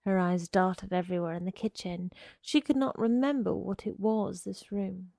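A woman narrating a story in a measured, deliberate reading. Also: mid-range voice, steady tone, vocal fry, mellow, dry recording, clean studio sound.

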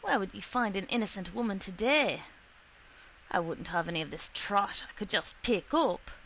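A woman voicing a smooth-talking, proud one-armed drifter, speaking in a lowered, emphatic voice. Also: lively intonation, moderate pace, a bit bright, a little hiss or hum, poor audio. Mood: sly.

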